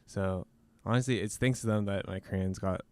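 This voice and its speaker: A man's voice: low-pitched, steady tone, normal speed, a little mellow, clean tone. A man guesting in a radio interview, speaking in an easygoing way with lots of "like". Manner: easygoing, heavy use of "like". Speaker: band member guest. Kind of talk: casual interview talk. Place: radio studio.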